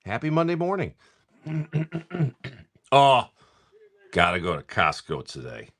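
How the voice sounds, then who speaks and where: A man hosting a casual livestream who greets viewers by name, chats, and swears freely while opening card packs. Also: mid-range voice. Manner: animated, quick bursts of talk. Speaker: card-breaking livestream host.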